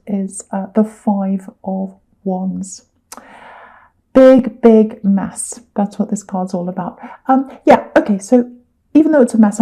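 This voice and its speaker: Bright-voiced woman reading tarot. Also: medium pitch, low-quality recording. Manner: chatty, with fillers and repeated words. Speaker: tarot reader.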